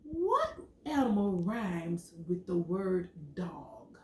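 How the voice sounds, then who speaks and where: Speaking very slowly in a fairly low voice, a woman teacher reads a picture book to young children, dramatizing its sound words and stopping to quiz them in expressive storytelling. The mic sits at a distance in an echoey room, with a little hiss or hum.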